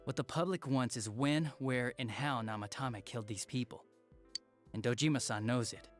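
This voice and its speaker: An actor playing a calm, matter-of-fact young police detective in a video game. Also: male voice, mid-range voice, normal speed, soft background music, lightly acted.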